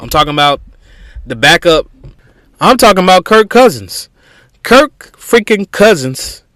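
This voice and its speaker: A man's voice: on the high side, fairly bright tone, no room sound. A man hosting a podcast, giving opinionated sports commentary in an emphatic, conversational way with frequent restarts. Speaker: podcast host.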